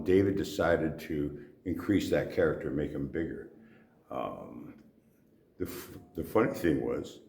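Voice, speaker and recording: Older actor guest, very low voice, gruff and salty raconteur, echoey convention room. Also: male voice, a little mellow. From Canada. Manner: gruff, swears casually, laughs at own stories. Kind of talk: anecdotal interview storytelling. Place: convention venue indoors.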